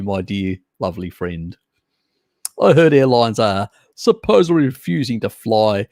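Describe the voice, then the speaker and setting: A man's voice: lowish voice, darkish tone, dry recording. A man hosting a casual live stream, chatting with viewers, reading their comments aloud and calling them mate. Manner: chatty, laughs often, addresses viewers as mate.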